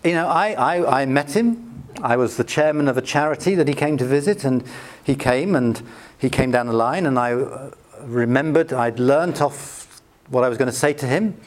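A man's voice: medium pitch, moderate pace. A British man preaching a sermon in a conversational, anecdotal way with self-deprecating humor. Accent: British English. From Britain.

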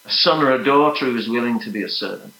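A man preaching a sermon, earnest and emphatic, sometimes dropping to soft, hushed prayer. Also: mid-range voice, fast talker, vocal fry, reverberant, poor audio.

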